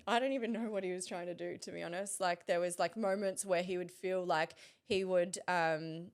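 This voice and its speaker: Interview guest: woman, slightly low voice, hesitant delivery with frequent restarts. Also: steady tone. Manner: halting and hesitant, many pauses and restarts. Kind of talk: recounting a personal story in conversation.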